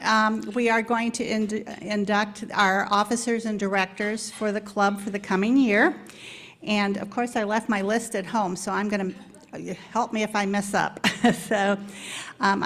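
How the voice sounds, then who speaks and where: A woman's voice: mid-range voice, steady tone, normal speed. A woman, the incoming club president, emceeing an installation ceremony in a chatty, informal way and laughing often.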